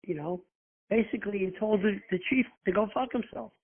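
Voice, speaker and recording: A man's voice: sits high, brisk. A man who was a rescue firefighter, telling profane anecdotes in casual chat and acting out the quotes. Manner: profane, animated storyteller who acts out quotes. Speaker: guest, former rescue firefighter. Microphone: phone. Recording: tinny phone line.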